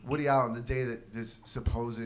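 A man's voice: medium pitch, fairly even intonation, brisk. Man, podcast co-host, crude rambling banter, faint hiss behind. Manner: rambling, crude, laughs at own jokes.

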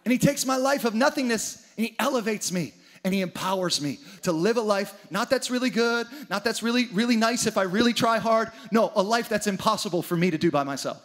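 A man's voice: high-pitched, fairly quick, fairly bright tone. A man preaching a sermon with dramatic energy, acting out the story's characters in his own voice. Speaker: pastor.

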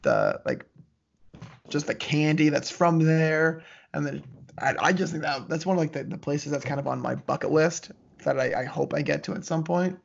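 A man's voice: a little high, sing-song, moderate pace, gravelly. A man co-hosting a casual podcast, chatting in a laid-back, rambling way with frequent laughs. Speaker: podcast co-host. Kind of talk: casual chat. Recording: muffled lo-fi audio.

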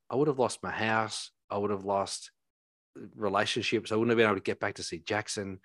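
A man, a chiropractor, telling his story in a rambling, animated way full of restarts. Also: fairly low pitch, no room sound. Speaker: chiropractor guest. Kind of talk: conversational storytelling.

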